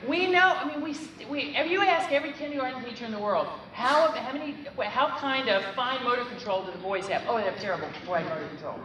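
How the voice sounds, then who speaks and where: A woman's voice: sits high, animated, fairly quick, few pauses, a bit bright, a little hiss or hum. A middle-aged woman, a psychologist, giving a conversational, emphatic lecture to teachers and speaking directly to the audience. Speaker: psychologist and presenter. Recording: echoey room, voice from far off.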